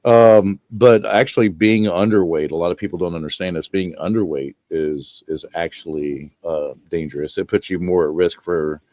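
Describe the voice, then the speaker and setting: A man's voice: deep voice, steady tone, a little mellow, dry recording. A man hosting a casual talk stream, joking and rambling. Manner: joking, rambling, quick to laugh. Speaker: podcast host. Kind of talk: casual chat.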